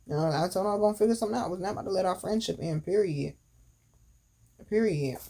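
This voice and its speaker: A woman's voice: medium pitch, fast talker, dark tone, slight background noise. Candid, profane woman telling a story. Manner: candid, profane, emphatic with slang asides. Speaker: podcast host. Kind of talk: casual storytelling.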